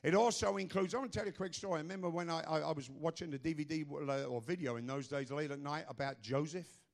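Male preacher, high voice, middle-aged, fervent sermon delivery, swings from shouting to hushed prayer. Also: gravelly. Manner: fervent, rising to shouts with drawn-out "uh" fillers.

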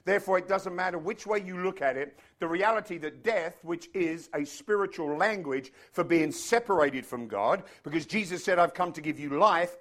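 A man preaching a sermon, emphatic and animated, speeding up when he tells a story. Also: on the high side. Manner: animated, emphatic, quickens into anecdotes.

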